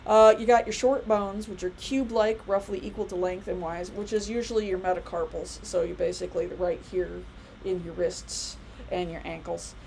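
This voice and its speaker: A woman's voice: on the low side, steady tone, moderate pace, creaky, a little mellow, a little hiss or hum, low-quality recording. A woman in her thirties giving a casual biology lecture, chatty and rambling with many fillers and asides. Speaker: college biology instructor.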